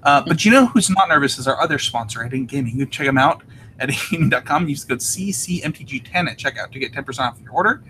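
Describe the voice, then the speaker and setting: A man's voice: medium pitch, animated, fast, bright, forceful tone, a little hiss or hum. A man hosting a live podcast, winded and nervous, reading sponsor spots with lots of fillers. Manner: nervous, filler-heavy, laughing. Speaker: podcast host.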